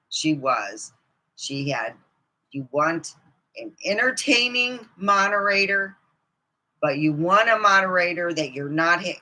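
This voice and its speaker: A woman ranting profanely to her camera, swinging from low muttering to outbursts of shouting. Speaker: vlogger. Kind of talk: angry ranting monologue.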